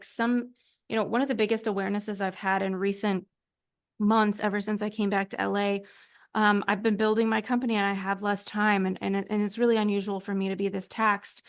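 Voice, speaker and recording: A woman hosting a podcast, talking candidly and reflectively, thinking aloud with fillers. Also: medium pitch. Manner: candid, reflective, talks things through with fillers. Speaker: podcast host. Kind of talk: podcast conversation.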